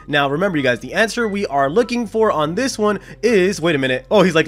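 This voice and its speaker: A man with a slightly raised voice narrates his gameplay as a video host. He talks excitably, breaking into gasps and laughs as he goes. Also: sits high, a little fast, few pauses, faint music behind. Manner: excitable, gasping and laughing often. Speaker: YouTube gaming host. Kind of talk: gameplay commentary.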